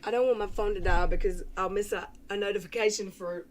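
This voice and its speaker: A woman hosting a casual livestream, rambling through commentary and greeting viewers from the chat, with frequent throat clearing. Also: mid-range voice, fairly even intonation, quick pace, slight background noise. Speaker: livestream host.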